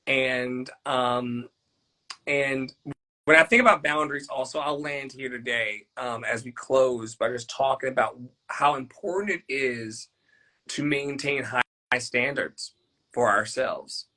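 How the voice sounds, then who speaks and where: Bright-voiced reflective man. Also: medium pitch, unhurried, rough recording. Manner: earnest and reflective, with restarts. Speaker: co-host. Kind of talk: reflective casual chat.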